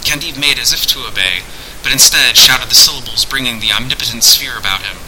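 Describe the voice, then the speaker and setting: A man narrating a fantasy story aloud in a measured, dramatic way. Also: mid-range voice, sharp tone, a little hiss or hum, rough recording.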